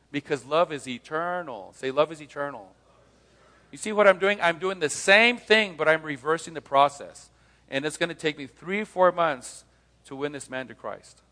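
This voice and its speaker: A man's voice: a little high, fairly bright tone. A middle-aged man giving a live talk to an audience. He tells stories, acts out both sides of conversations and asks rhetorical questions. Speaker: speaker on leaving cults, former pastor. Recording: long hall reverb.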